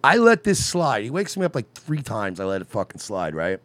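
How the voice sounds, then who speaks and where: A man's voice: on the low side, huge pitch swings, fairly quick, fairly bright tone. A man co-hosting a podcast, telling crude stories in casual chat and quoting what he and others said. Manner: crude, joking, quotes himself and others. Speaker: podcast co-host.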